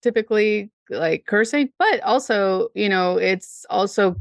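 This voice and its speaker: Woman, podcast co-host, gravelly, reflective, casual chat. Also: mid-range voice, unhurried, no echo, clean studio sound. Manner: reflective, thoughtful, says "like" and "right?" often. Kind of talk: casual discussion of a TV show.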